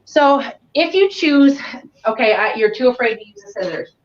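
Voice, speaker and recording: Woman, Western New York accent, dog groomer, chatty and animated, muffled lo-fi audio. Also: fairly high pitch, moderate pace. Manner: chatty, animated, checks in with "okay?". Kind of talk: hands-on grooming demonstration. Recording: dull lo-fi audio.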